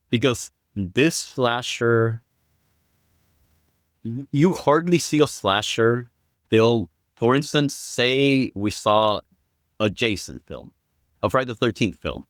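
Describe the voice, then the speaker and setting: A man as a guest on a film podcast, explaining step by step and building up to excited quoted lines. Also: fairly low pitch, dry recording, studio quality. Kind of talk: casual film review chat.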